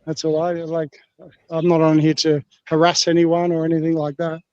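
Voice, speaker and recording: A man's voice: on the high side, monotone, normal speed, warm tone, clear, resonant tone, dry recording, highs cut off. A man from Australia with an Australian accent, chatting on a livestream in a rambling, crude, joking way. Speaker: stream guest. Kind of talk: casual livestream chat.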